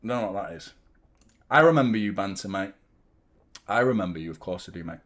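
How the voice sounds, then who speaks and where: A man's voice: low voice, lively intonation, quick pace, fairly bright tone. A young adult man, hosting a football watchalong in casual live-stream chat. He rambles, swears freely, reads viewers' comments aloud, and sounds drained.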